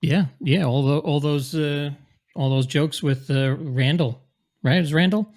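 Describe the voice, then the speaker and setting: A man's voice: fairly high pitch, a little slow, darkish tone. A man co-hosting a casual chat, asking questions and speaking hesitantly. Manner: hesitant, many fillers and restarts.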